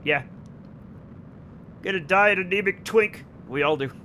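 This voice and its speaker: A high-pitched man in middle age, joking and swearing freely as he chats with his live audience. He is from the United States and keeps breaking into laughs. His delivery is loose and conversational. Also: a little slow, pushed and bright, a little hiss or hum. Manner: joking, profane, bursts into laughter. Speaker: streamer. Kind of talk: casual chat with live viewers.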